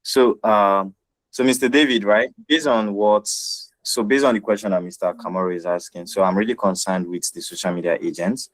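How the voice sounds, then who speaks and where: Deep-voiced man explaining tech. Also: steady tone, moderate pace, dry recording, low-quality recording. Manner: earnest, repeats phrases and checks with listeners. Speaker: workshop presenter. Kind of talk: explaining software in an online workshop. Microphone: video call.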